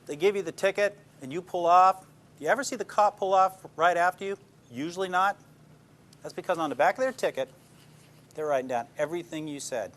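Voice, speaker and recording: A man's voice: fairly high pitch, fairly bright tone. Plainspoken older man telling police stories. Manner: plainspoken, tells stories, checks in with the listeners. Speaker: police detective speaking to a class. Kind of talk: informal lecture with anecdotes.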